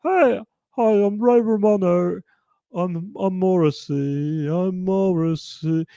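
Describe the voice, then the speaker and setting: A man doing an impression of a crooning British male singer, with a high, throaty, drawn-out voice. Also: warm tone, clean tone, dry recording, muffled recording. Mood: mock-crooning.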